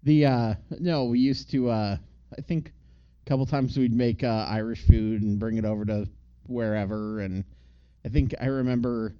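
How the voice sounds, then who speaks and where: A man's voice: medium pitch, fairly even intonation, moderate pace, smooth, muffled recording. Chatty, rambling man on a podcast. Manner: chatty and rambling, with laughs and restarts. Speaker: podcast co-host. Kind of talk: casual podcast chat.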